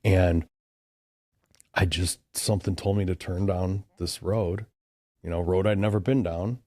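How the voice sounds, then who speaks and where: A man's voice: deep voice, steady tone, unhurried, mellow, no room sound, clean studio sound. A man from Chicago, a podcast guest, telling a long story in a loose, rambling way, full of "like" and "dude". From Chicago, USA. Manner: rambling, heavy use of "like" and "dude". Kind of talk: casual storytelling.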